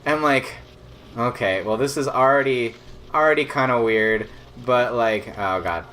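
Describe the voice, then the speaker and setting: Young man, casual storyteller, bright tone, loose filler-heavy delivery with a little hiss behind. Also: medium pitch, unhurried. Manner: rambling, filler-heavy, laughs through the tale. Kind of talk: casual chat, telling a personal story.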